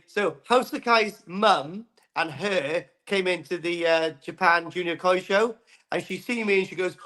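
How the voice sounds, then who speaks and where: A man joining a live auction as a guest, telling excitable, jokey stories in casual banter. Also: a little high, normal speed. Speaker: guest co-host.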